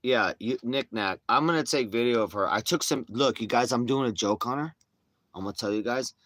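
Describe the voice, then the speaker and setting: Profane, rambling bright-voiced man. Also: mid-range voice, a little fast, no room sound. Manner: rambling, profane, slangy storytelling. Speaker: streamer. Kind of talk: casual chat to viewers.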